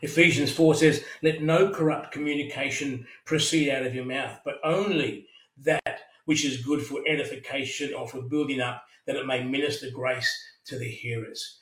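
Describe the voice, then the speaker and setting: A man's voice: medium pitch, steady tone, normal speed, a bit bright. A middle-aged man preaching a sermon, earnest, often repeating words as he restarts. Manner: earnest, frequent stammered restarts. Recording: echoey room, mic at a distance.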